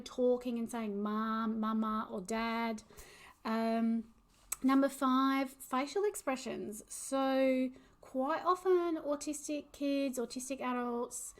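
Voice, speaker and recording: A woman in her forties talking casually to camera as a parent, unscripted and hesitant, with many fillers. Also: a little high. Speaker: vlogger and parent of autistic children.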